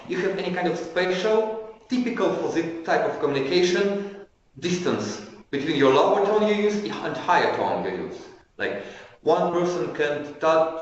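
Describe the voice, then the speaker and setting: Man training in an echoey room. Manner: explanatory, demonstrates pitch and pace changes; halting, frequent restarts. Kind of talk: online training lecture. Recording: echoey room, dull lo-fi sound.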